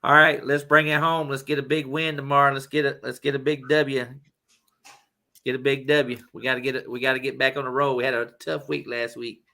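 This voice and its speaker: Gravelly, bright-voiced man in casual sports chat. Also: medium pitch, flat delivery. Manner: rambling, halting with many fillers. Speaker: podcast co-host. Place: live-streamed podcast.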